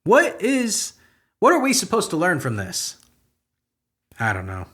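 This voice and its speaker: His voice sits high and pushed, bright, with huge pitch swings at a normal speed. A young man hosting a comedy podcast, he reads out the news and cuts in with profane, sarcastic exasperation, going from low mutters to loud outbursts.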